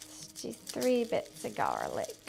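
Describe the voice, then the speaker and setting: A woman's voice: on the high side, huge pitch swings, takes it slowly, creaky, loud music behind the voice. A woman, streaming casual chat while she cooks at home, rambling to her viewers and her kitten. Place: home kitchen.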